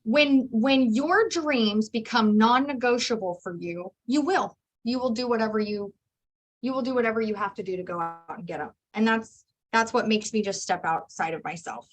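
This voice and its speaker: A woman real estate agent telling lively stories and acting out her conversations in a training session. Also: fairly high pitch, moderate pace. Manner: animated storyteller, acts out dialogue.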